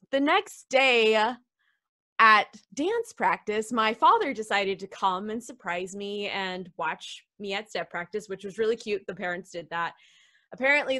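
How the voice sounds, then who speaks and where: Bright-voiced young woman telling a story. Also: on the high side. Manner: animated, lively storyteller with laughs and voiced quotes. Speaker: interview guest, wrestler. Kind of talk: casual storytelling. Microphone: video call.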